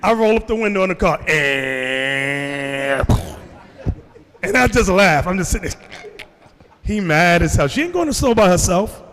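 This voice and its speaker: Animated New man preaching. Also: sits high, quick pace, big-room sound. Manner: animated storytelling, addresses the room directly. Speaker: religious teacher. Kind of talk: sermon to a congregation.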